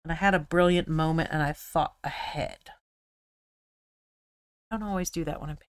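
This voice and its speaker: A woman's voice: deep voice, moderate pace, clear, resonant tone. An American woman hosting a live miniature painting stream, chatting casually and thinking aloud as she works.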